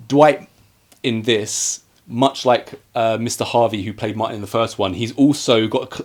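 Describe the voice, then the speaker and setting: A man co-hosting a casual film review, retelling scenes in an animated way and acting out the quoted lines. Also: medium pitch. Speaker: podcast co-host reviewing films.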